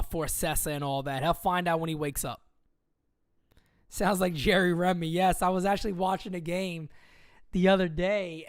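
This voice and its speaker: A man's voice: a little high, clear, resonant tone, no room sound, studio quality. A young man hosting a casual sports livestream, rambling and joking as he reads out viewer comments. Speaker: livestream host.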